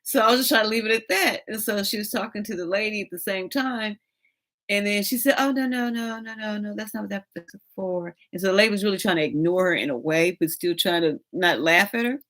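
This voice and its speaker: A woman's voice: medium pitch, fast, fairly bright tone. A woman hosting a tarot live stream, telling a rambling, profane story and laughing often.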